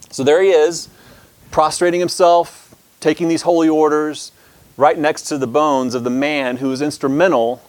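A man's voice: medium pitch, darkish tone, no echo. A man teaching a church history lesson, who talks with many restarts and fillers and reads long passages aloud.

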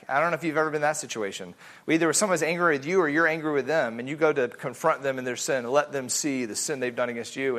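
A man teaching a family Bible study in a casual, animated way, acting out the voices he quotes. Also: fairly high pitch.

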